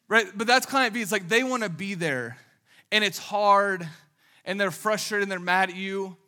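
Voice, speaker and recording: A pastor delivers a relaxed, conversational sermon and leans on lively anecdotes packed with casual fillers. He speaks in a somewhat high register with a bright, forward edge. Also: moderate pace. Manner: casual, animated storytelling with many fillers.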